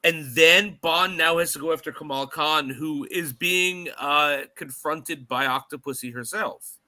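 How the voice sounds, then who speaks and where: A man's voice: fairly high pitch, unhurried. A man co-hosting a podcast, recapping a movie in casual chat, laughing often and acting out scenes. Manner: animated, laughs often, acts out scenes in silly voices. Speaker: podcast co-host.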